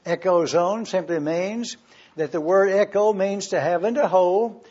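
A man preaching an expository sermon, slowly explaining Greek words and spelling them out letter by letter. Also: high-pitched, darkish tone, breathy edge. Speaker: pastor teaching Bible Greek. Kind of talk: expository Bible teaching. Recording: dull lo-fi recording.

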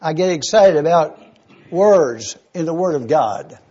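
A man's voice: a little high, expressive, measured pace, dark tone, slightly rough, dull audio. A man preaching a sermon, eagerly teaching word meanings and spelling terms out letter by letter. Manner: enthusiastic teaching.

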